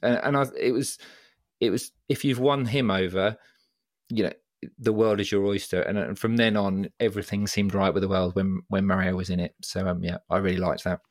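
A man's voice: low voice, fairly quick, no room sound, clean studio sound. A man co-hosting a casual podcast, rambling through stories with lots of restarts. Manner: rambling, animated when telling stories, mimics voices. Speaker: podcast co-host.

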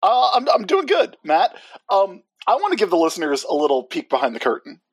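A man co-hosting a podcast in casual chat, joking with big swings in pitch. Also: huge pitch swings, brisk, husky, no echo, lo-fi sound. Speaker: podcast co-host. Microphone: remote call.

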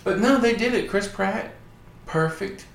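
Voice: mid-range voice, a little slow, vocal fry, slight background noise. A co-host chatting casually, with frequent hesitant restarts. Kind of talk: casual chat. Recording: echoey room.

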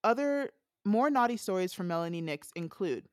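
A woman's voice: medium pitch, animated, normal speed, no echo, clean studio sound. A young woman recapping a book in a casual podcast chat, frank and amused, with many fillers. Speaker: podcast co-host recapping a novella. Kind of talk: casual chat, reading quotes aloud.

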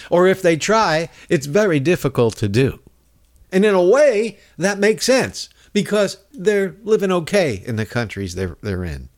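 A man delivering an angry, profane comic rant, insulting and rambling with many fillers. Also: mid-range voice. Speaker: comedic ranter.

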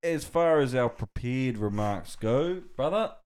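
An easygoing New man with a medium-pitched voice co-hosts a studio podcast. He chats loosely, laughs often and keeps calling his co-host "bro". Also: expressive, unhurried, a little mellow, smooth. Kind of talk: casual chat.

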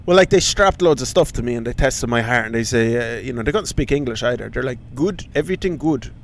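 A man's voice: medium pitch, quick pace, a little hiss or hum. A young man telling a comic story on a podcast, swearing freely and acting out the voices of other people. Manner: swears a lot, acts out voices. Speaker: podcast co-host.

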